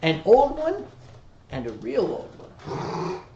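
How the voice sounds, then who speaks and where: A man's voice: very high-pitched, wildly swooping pitch, slow, mellow, highs cut off. A man from Pennsylvania hosting a stream, telling a rambling, profane story in casual chat. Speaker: streamer host. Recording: echoey room with faint noise.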